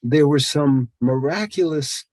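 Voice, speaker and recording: A man's voice: on the high side, a little mellow, no echo. Man hosting an interview, dry sound. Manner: recaps and prompts the guest, quick asides. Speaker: talk show host. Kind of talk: interviewing a guest.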